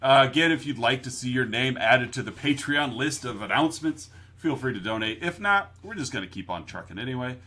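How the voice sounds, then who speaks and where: Bright, husky-voiced man in casual chat. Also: medium pitch, lively intonation, brisk, few pauses. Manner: laughs often, quotes movies. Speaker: podcast co-host.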